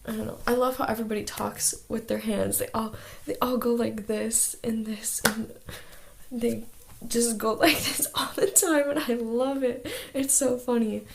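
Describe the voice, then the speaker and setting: Teen girl rambling in a vlog diary, lots of "like", gravelly fry. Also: on the high side, fairly even intonation, moderate pace, slight background noise. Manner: chatty, lots of "like" fillers. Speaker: exchange student vlogger. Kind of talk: casual video diary.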